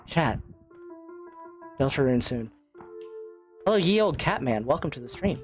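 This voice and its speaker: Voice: mid-range voice, lively intonation, a little slow, pauses often. A young adult game streamer in casual let's-play chat, self-mocking, often stammering and swearing. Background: faint game music.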